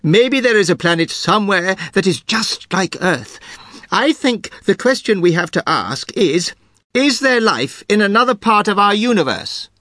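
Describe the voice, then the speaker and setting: A man's voice: high voice, expressive, normal speed, sharp tone, no room sound, studio quality. A man voicing an earnest, wordy male doctor sidekick inside a joke. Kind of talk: acted quote in a joke.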